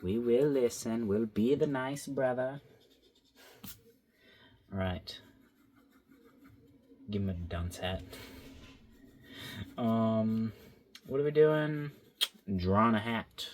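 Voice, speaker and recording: A young man talks to himself while drawing, recording it on his phone for a casual vlog-style commentary that rambles and stays playful. His mid-range voice is a little mellow, with lively intonation, a very slow pace and long pauses.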